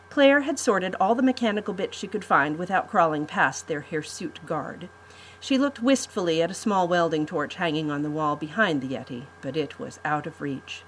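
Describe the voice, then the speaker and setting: Husky woman reading a family story. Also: lowish voice, low-quality recording. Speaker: podcast host and storyteller. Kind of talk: scripted story narration.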